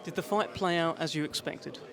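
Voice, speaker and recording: A man with a slightly higher voice puts brisk questions to a boxing promoter after a fight. He keeps it moving and steers each answer. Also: vocal fry, crowd noise. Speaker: interviewer. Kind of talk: post-fight interview questions.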